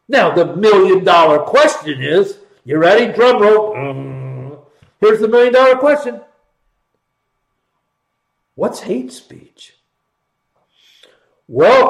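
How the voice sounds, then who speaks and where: Emphatic man, high voice, echoey room. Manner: emphatic, sarcastic, repeats for stress. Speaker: host. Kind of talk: political commentary show.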